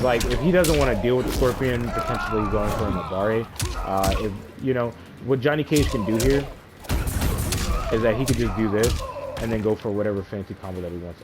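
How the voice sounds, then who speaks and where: A man's voice: mid-range voice, noisy background. A man giving a casual gameplay tutorial as a fighting game player, explaining loosely and often checking in with the listener.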